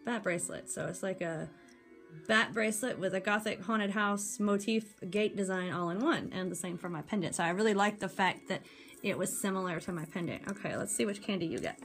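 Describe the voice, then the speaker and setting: A chatty woman talking through a jewelry review in a relaxed, rambling way. She fills gaps with ums and loose asides. Faint music plays in the background. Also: mid-range voice, brisk. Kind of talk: casual product review.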